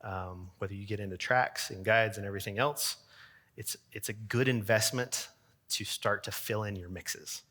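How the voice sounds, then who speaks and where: A man's voice: lowish voice, fairly even intonation, normal speed, pushed and bright. A man who works as a church sound engineer, giving a chatty talk to an audience, with lots of fillers and joking asides. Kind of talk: casual conference talk.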